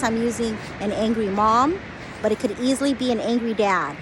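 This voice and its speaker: A woman's voice: a little high, noisy background. A woman in her forties, an acupuncturist, giving blunt, emphatic advice through a conversational story.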